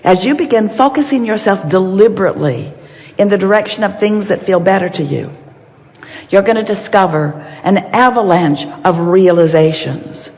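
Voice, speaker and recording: A woman gives an inspirational seminar talk, leaning hard on key words and slipping into playful asides. Her voice sits at a middle pitch. She speaks as a collective "we", and her voice carries a long reverb through a large hall. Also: animated, normal speed, darkish tone.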